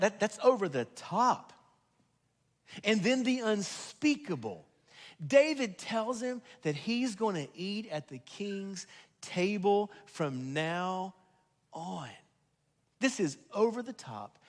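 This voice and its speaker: A man preaching a sermon as pastor, swinging between loud emphasis and hushed, quiet stretches. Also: sits high, big-room sound. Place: church sanctuary.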